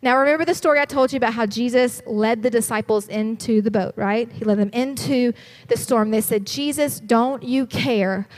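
A woman's voice: a little high, steady tone, fairly quick, hardly any pauses. A woman preacher delivering an urgent, passionate sermon to her congregation, often calling out "listen".

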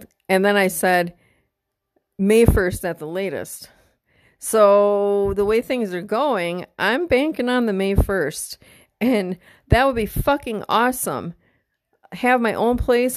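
A middle-aged woman talks straight into the mic in a relaxed solo podcast, candid and heartfelt, with plenty of casual swearing. Her voice sits at an ordinary pitch for a woman. The sound is close and dry, with no room around it. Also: dry recording. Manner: emotional, openly tearful at times. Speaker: podcast host.

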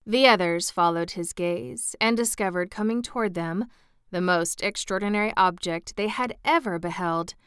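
A woman narrating a classic storybook in an even, measured reading. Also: on the low side, clear, resonant tone, dry recording, studio quality.

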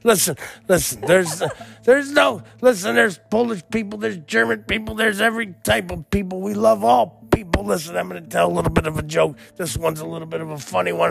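Gravelly-voiced man hosting a podcast. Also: a little high. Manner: loud emcee patter, keeps saying "listen". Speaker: podcast host. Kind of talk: casual comedic podcast banter.

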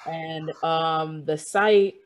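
A woman's voice: deep voice, fairly even intonation, very slow. A young woman telling a long personal story in casual conversation, rambling and full of fillers, often quoting what others said to her.

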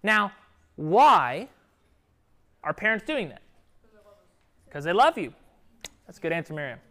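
A man's voice: high-pitched, big pitch swings, a little slow, sharp tone. A man with young children, teaching an interactive Bible lesson to a youth group and often checking in with "right?" and "okay?". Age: adult with children.

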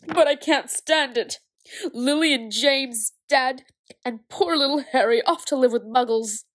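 A woman voicing a big, soft-hearted man who is crying and pleading as he speaks. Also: mid-range voice, moderate pace, natural voice. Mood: tearful. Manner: sobbing, pleading. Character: giant man, tearful, gruff and soft-hearted.

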